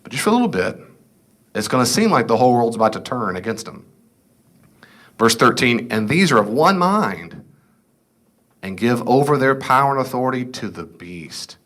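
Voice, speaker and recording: A middle-aged man teaches a casual Bible class conversationally, reading scripture aloud and asking the class questions he answers himself. His fairly bright, medium-pitched voice is sing-song, moderately paced, with frequent pauses.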